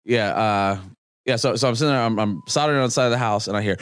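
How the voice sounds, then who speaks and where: Casual co-host, a man with a mid-range voice, animated storyteller, dry close mic. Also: medium pitch, quick pace, clear, resonant tone, no echo. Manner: animated storyteller, laughs often. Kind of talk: casual chat.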